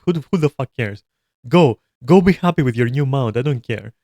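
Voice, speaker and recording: A man's voice: mid-range voice, animated, a little fast, darkish tone, no echo, clean studio sound. Blunt swearing man ranting casually. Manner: blunt, swears a lot, rambling asides. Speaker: streamer reacting to a video. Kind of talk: casual opinion rant.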